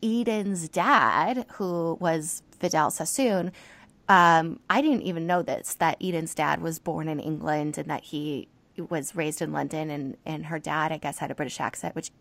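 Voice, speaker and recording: A woman's voice: low-pitched, fairly even intonation, unhurried, gravelly, a bit bright, dry recording. A woman in her thirties hosting a podcast, chatty and swearing freely in casual talk. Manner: chatty, swears freely, acts out quoted people. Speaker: podcast host. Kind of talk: casual chat.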